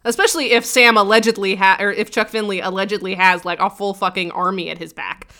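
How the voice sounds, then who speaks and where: A woman co-hosting a podcast, casually recapping a TV episode with quick, wry, profane commentary and mock voices for the characters. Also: mid-range voice, steady tone, sharp tone. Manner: quick, wry and profane, acting out lines from the show in a mocking voice.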